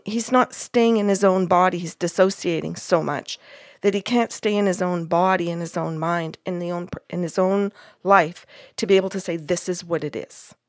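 Woman telling a story with lively recounting. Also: fairly low pitch, no room sound, studio quality. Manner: animated retelling, acts out quoted dialogue. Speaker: podcast host. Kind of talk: casual storytelling chat.

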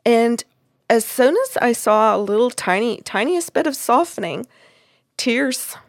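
Woman, medium, telling a long story at an easy pace, gravelly voice, dry close sound. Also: a little high, lively intonation, measured pace, no room sound. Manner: recounts at length, acting out what people said. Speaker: medium recounting a reading. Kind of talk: conversational storytelling.

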